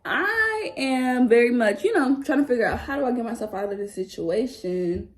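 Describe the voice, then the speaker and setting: A young woman telling a story casually to camera, animated and slangy, swearing often. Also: a little high, normal speed, background noise. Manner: animated storytelling, acts out others' voices. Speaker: vlogger.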